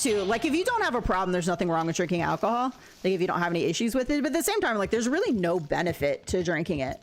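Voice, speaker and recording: A chatty woman streamer talks through her gameplay, rambling from one thought to the next. Her pitch swings around animatedly as she talks to her chat, and she laughs easily. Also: slight background noise.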